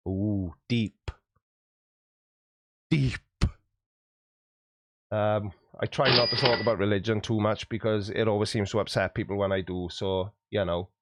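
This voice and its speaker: A man's voice: lowish voice, flat delivery, brisk, few pauses, a bit bright. A man hosting a livestream, chatting in a jokey, self-deprecating way as he reads out viewer comments. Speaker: YouTube host.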